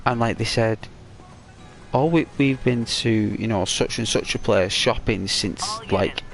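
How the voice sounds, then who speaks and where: A man casually telling a rambling, halting story while commenting on a video game. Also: lowish voice, creaky, soft background music. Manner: rambling, halting, excitable when retelling. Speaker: gaming commentator. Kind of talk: casual storytelling over gameplay.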